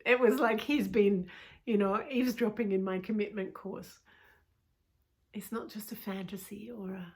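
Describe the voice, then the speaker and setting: A woman's voice: medium pitch, fairly even intonation, unhurried, darkish tone. Woman telling a story, often whispering. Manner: intimate, often drops to a whisper; frequent "you know" asides. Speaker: coach. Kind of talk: personal storytelling.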